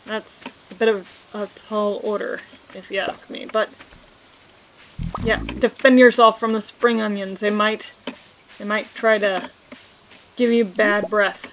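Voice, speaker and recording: A woman's voice: medium pitch, steady tone, measured pace, long pauses, slight background noise, low-quality recording. A woman hosting a casual let's play, chatting and joking with viewers as she plays. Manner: reads game dialogue aloud. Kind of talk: casual gameplay commentary.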